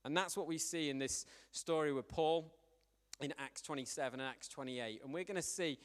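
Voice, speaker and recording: Male preacher, chatty storyteller, slightly high voice, long church echo. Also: moderate pace. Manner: conversational, animated storytelling. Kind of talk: sermon.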